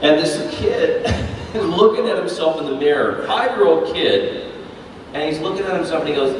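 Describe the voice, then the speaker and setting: A man, a voice actor, telling animated stories with laughter at a convention panel. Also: fairly high pitch, normal speed. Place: large convention panel room. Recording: echoey hall from far off, noisy.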